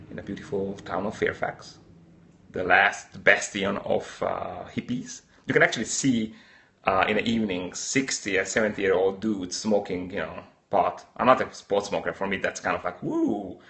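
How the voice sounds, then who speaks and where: A man's voice: deep voice, vocal fry, a bit bright. A man from Slovakia with a Slovak-Hungarian accent, chatting casually and answering viewer comments during a live coffee-brewing stream. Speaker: livestream host.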